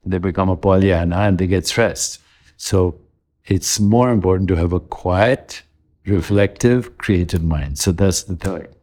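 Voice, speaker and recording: A man in his seventies with a very low, deep voice, answering interview questions as a guest. He speaks in a calm, measured way and works through his points one at a time, listing each in turn. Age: 70s. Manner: measured, lists ideas one by one. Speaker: interview guest, wellness author.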